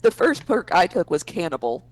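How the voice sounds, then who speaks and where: A woman with a raspy voice, playing in a tabletop game and chatting casually, laughing often. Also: fairly low pitch, very animated, normal speed, slight background noise, poor audio. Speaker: player.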